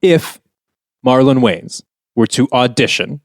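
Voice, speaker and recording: A podcast co-host reads aloud a comedy script he wrote, then defends it in casual chat with an earnest, laughing manner. His fairly high voice swings widely in pitch, moving slowly with a creaky texture. The studio recording is clean, with no echo.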